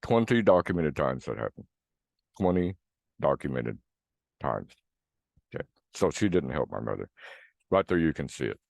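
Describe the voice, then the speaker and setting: A man with a very low voice delivers a blunt, profane monologue aimed at his viewers. He circles back to the same points again and again. The recording is dry and close, with no room sound. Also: big pitch swings, a little fast, vocal fry, darkish tone, no echo. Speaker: vlogger.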